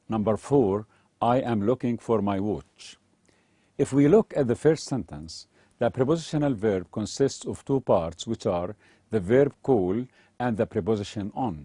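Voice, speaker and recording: A man teaching English grammar, reading a scripted lesson and example sentences aloud in a measured way. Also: on the low side, dark tone, no room sound.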